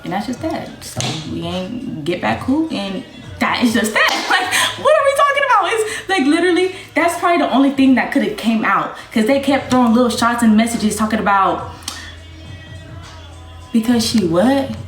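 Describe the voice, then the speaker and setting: A woman's voice: on the high side, lively intonation, moderate pace. A young woman streamer, ranting bluntly and defiantly, swearing and repeating herself. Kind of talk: livestream rant. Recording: echoey room with faint music.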